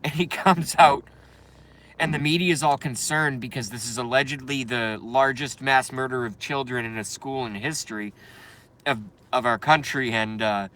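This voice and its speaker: A live stream host talks loosely to his viewers, swearing often and ranting as he goes. His voice has a bright, cutting edge and sits at a medium pitch. He is heard close on a desk microphone. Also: normal speed. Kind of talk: casual live stream rant.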